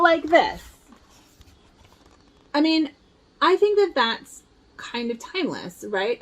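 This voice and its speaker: This cross-stitch vlogger, a woman in her forties, has a medium-pitched, fairly bright voice. She chats casually at home as she shows her stitching books, upbeat and chatty, rambling slightly with fillers.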